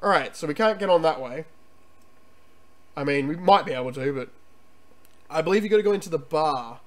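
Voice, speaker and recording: A man streaming a retro computer game, chatting excitedly and reading the game's text aloud. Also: a little high, a little fast. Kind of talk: casual gameplay commentary and reading game text.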